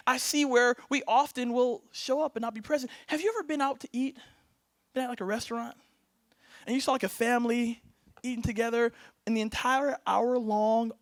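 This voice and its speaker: A young man with a strikingly high voice gives a motivational keynote on stage. He is energetic and playful, laughing often and throwing "right?" back to the crowd. His sound is close and dry, with almost no room around it. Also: no echo. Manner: laughs often, acts out bits. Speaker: keynote speaker. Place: event stage before a live audience.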